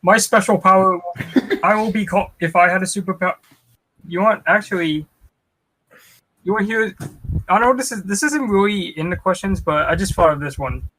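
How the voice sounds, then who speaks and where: A man's voice: high voice, moderate pace, pauses often, pushed and bright, a little hiss or hum. A teenage boy co-hosting a casual podcast, goofily reading out listener questions. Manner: goofy, reads out listener questions. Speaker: podcast co-host. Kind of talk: casual group chat.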